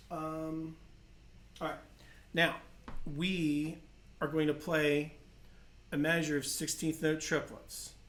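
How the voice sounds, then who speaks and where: A man's voice: fairly high pitch, fairly bright tone, echoey room. A man teaching a livestream drum lesson, patiently explaining technique and counting in. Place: percussion studio.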